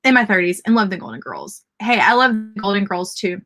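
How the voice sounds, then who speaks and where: Her pitch swings widely around a mid-range center, and her brisk delivery sounds pushed and bright. She's a Southern woman running a casual livestream writing sprint, chatting and rooting for viewers as they share word counts and comments.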